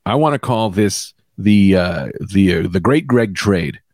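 A man's voice: low voice, expressive, measured pace, a little mellow, dry recording, studio quality. A man co-hosting a casual chat over a remote call, telling rambling stories and swearing freely. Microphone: remote call mic.

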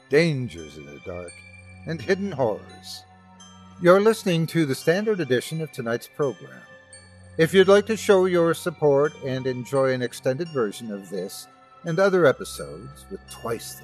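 A man hosting a podcast, giving theatrical, dramatic narration of horror stories. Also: mid-range voice. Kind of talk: scripted horror story narration.

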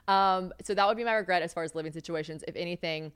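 A woman's voice: on the low side, fast, a bit bright, clear, resonant tone, dry recording. A young woman hosting a casual solo podcast, rambling and swearing freely, laughing often. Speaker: podcast host. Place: home kitchen.

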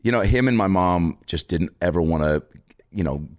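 A man in his thirties, a comedian guest telling funny stories in casual chat, acting out the people he quotes. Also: moderate pace. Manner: animated storyteller, acts out quoted people with big pitch jumps.

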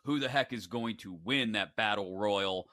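A man hosting a sports betting talk show, animated, joking and opinionated. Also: lowish voice, moderate pace.

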